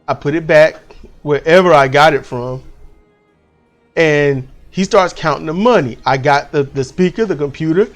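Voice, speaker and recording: A man casually retelling a story, animated and profane. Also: normal speed, soft background music. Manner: animated, profane, swooping pitch. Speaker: podcast host.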